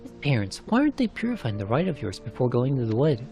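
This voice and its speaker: A man voicing a curious young male adventurer in a game cutscene, asking quick questions. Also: medium pitch, huge pitch swings, a little mellow, soft background music. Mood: concerned. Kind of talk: narrated game cutscene reading.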